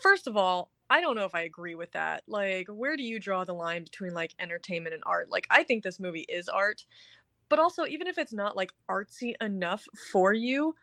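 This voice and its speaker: A woman's voice: medium pitch, lively intonation, fairly quick, pushed and bright, no room sound. A woman co-hosting a casual movie review chat, talking enthusiastically and rambling with lots of filler words. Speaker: podcast co-host.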